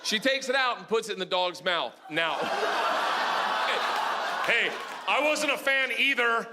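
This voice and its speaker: Comic, male: high-pitched, swooping delivery, loud and crude storyteller, live stage in a noisy room. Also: a little slow, over a noisy crowd. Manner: loud, animated, profane storytelling. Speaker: stand-up comedian. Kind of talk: stand-up comedy set. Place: comedy stage before a live audience.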